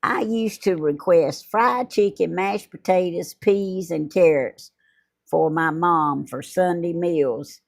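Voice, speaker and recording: Host, middle-aged, low voice, slow homey chat. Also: female voice, creaky. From Georgia. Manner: chatty, laughs often. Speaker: YouTube host. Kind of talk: casual chat.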